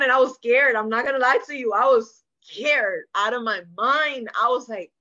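A woman speaks as a guest in a candid sit-down podcast conversation. She tells her story earnestly and emotionally, slipping into the voices of the people she quotes. Her voice is bright and forceful, and the recording sounds a little dull and lo-fi. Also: on the high side, normal speed. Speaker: interview guest.

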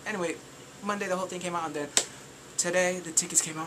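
A young adult vlogger ranting casually, animated and exaggerated, full of exclamations. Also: mid-range voice, rapid-fire, very noisy.

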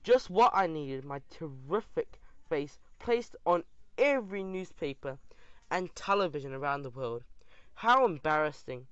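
A man reading an audiobook in an animated, expressive way. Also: on the high side, unhurried, clean tone, dry recording. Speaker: audiobook narrator. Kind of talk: scripted audiobook narration. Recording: dull dry audio.

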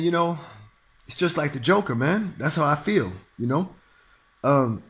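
A man in his thirties from Los Angeles telling a profane, animated story in a vlog rant. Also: a little high. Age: 30s. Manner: animated, profane, acts out voices. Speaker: vlogger.

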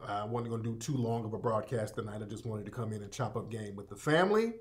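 A man's voice: lowish voice, quick pace. Man hosting a casual live broadcast. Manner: loose, repetitive, addresses listeners as family. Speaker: radio show host.

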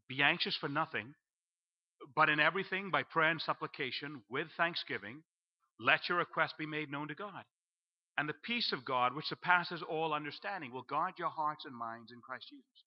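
A man preaching a storytelling sermon in church, acting out his own panic and dropping to a low hush for the voice of God. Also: normal speed. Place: church sanctuary. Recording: dull lo-fi live stream.

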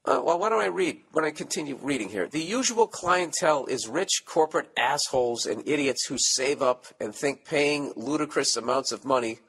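A man's voice: a little high, expressive, moderate pace, few pauses, fairly bright tone, breathy edge. A man hosting a comedy podcast, reading listener letters aloud and riffing on them with profane, sarcastic asides. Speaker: podcast host.

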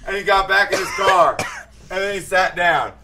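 A man's voice: high-pitched, moderate pace, noisy background. A man telling a rambling, profane story in a casual chat among friends. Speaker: podcast co-host.

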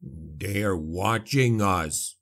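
Gotrek, a man doing a snarling dwarf. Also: exaggerated voice. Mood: growling. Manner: snarling, slow and low. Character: gruff male dwarf warrior, angry and growling.

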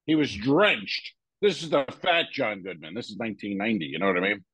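A man's voice: lowish voice, lively intonation, brisk, a bit bright, husky, no room sound, rough recording. Man telling a rambling crude story. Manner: rambling anecdote with crude jokes. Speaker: podcast co-host; stand-up comedian. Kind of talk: casual storytelling.

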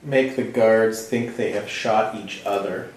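A man's voice: on the low side, fairly even intonation, measured pace, a little mellow. A man playing a tabletop game, explaining his move plainly. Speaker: player. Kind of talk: casual tabletop game talk. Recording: very echoey room from far off with noise.

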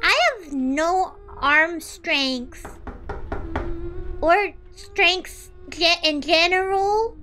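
Very high-pitched chaotic woman streamer. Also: very slow, bright, forceful tone, soft background music. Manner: chaotic, joking, self-mocking. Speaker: horror game streamer. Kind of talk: live gameplay commentary.

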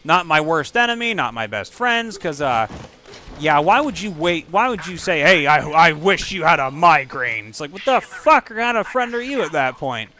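A man giving casual gameplay commentary, excitable and profane, yelling at enemies while chatting. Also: on the high side, moderate pace, slight background noise. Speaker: gamer commentator.

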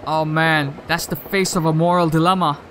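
A man's voice: fairly high pitch, fairly even intonation, moderate pace, fairly bright tone, a little hiss or hum. A man hosting a let's play, commenting wryly and joking over a game. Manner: wry, joking. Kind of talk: gameplay commentary.

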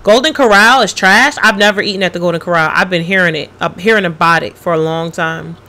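Brief: woman game streamer, bright edgy tone, blunt and profane, chats with viewers while she plays. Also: on the low side, fast. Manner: reads chat messages aloud and answers them. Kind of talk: casual gaming livestream chat.

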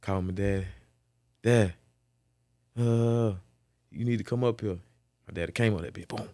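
Man, casual storytelling, profane, animated, dry close mic. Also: unhurried, no room sound. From Florida. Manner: profane, animated storytelling, repeats "boom" as a beat. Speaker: guest, former football player.

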